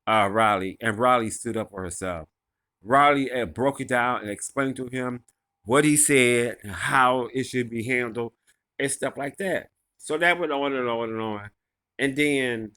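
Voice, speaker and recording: Bright-voiced man gossiping through a recap. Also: medium pitch. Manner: rambling and gossipy, full of fillers. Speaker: reality show recapper. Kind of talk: casual episode recap.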